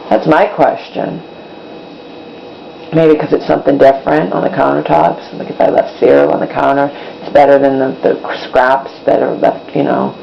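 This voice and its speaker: A woman's voice: low-pitched, vocal fry. A woman talking to the camera in a rambling, exasperated way, repeating herself as she goes, in her kitchen at home. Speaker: vlogger. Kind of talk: casual vlog monologue. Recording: slightly dull, faint background hum.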